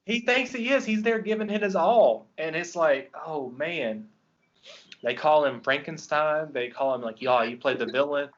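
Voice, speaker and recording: A man's voice: on the high side, a little slow, muffled recording. A man hosting a film podcast, talking casually and eagerly about a movie he loves, with lots of ums and restarts. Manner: enthusiastic, rambling with many ums. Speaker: podcast host. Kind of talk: casual film review chat.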